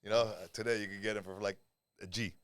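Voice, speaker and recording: Telling his life story in a storytelling interview at a podcast studio, this forty-something guest speaks in blunt, profane street language. His lowish voice moves at a quick pace with fairly even intonation, with no echo in the recording.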